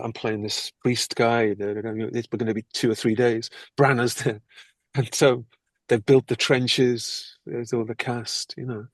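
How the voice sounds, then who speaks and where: An older man, an actor, telling lively anecdotes in an interview and acting out the people he quotes. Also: medium pitch, no echo. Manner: animated, acts out quoted people. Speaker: actor guest.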